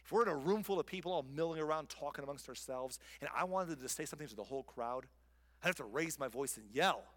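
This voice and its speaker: A male pastor preaching a sermon, swinging from loud emphatic lines down to soft whispers. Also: on the high side, lively intonation, fast talker. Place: church sanctuary.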